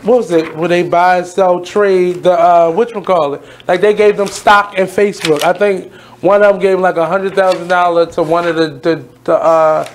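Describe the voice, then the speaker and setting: A man's voice: high voice, a little hiss or hum. A man co-hosting a radio show, chiming in often in laid-back, slangy chat. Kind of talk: casual talk radio chat.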